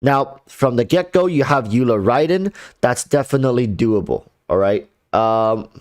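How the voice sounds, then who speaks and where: A man's voice: medium pitch, lively intonation, moderate pace, a little mellow. Male livestreamer, congested and nasal, loose chatty delivery. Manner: chatty, often restarts his sentences. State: congested sinuses. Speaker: game streamer. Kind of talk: casual livestream commentary.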